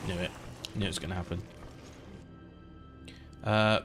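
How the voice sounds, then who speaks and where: A man's voice: deep voice, normal speed, long pauses. A man talking to himself in a wry, muttering way while playing a video game. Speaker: gameplay streamer. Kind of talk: casual let's-play commentary. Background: game music.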